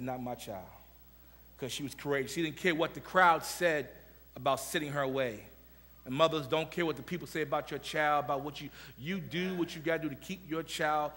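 A man preaching a sermon as pastor to his congregation, swelling into impassioned shouts and calling out to the listeners with repeated words. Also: on the high side. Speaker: senior pastor. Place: church sanctuary. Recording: long church hall reverb.

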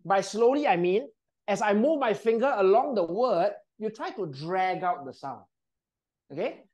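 A woman's voice: medium pitch, expressive, normal speed, a little mellow. A woman leading a live presentation workshop, giving upbeat instructions and often checking in with the group. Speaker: voice and presentation trainer. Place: training room with a group.

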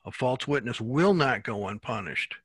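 A man with a mid-range, slightly breathy voice teaches a Bible class with no echo in the recording. He is relaxed yet halting, repeating words often as he works through his thoughts.

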